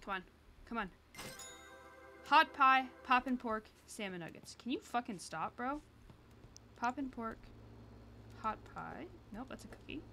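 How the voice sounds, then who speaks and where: Woman, game streamer, casual commentary, exasperated, swearing, bright tone, faint background hum. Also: on the high side, gravelly. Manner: exasperated, swearing, talking to herself.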